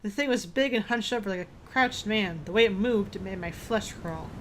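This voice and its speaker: A woman's voice: mid-range voice, normal speed, a little hiss or hum, natural voice. A woman voicing a grim, vengeful old male fisherman in a game, reading the dialogue aloud with a few stumbles.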